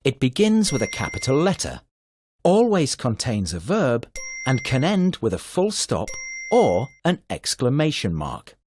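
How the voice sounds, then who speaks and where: A man narrating a children's grammar video in a slow, sing-song scripted style with a husky voice. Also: mid-range voice, wildly swooping pitch, a little mellow, slight background noise.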